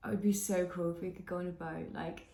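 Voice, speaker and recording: A woman's voice: lowish voice, fairly even intonation, fast, creaky, mellow, reverberant, poor audio. A young woman telling a story in casual vlog chat, filling her talk with "like" and laughing often. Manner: chatty, heavy use of "like", laughs often. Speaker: vlogger.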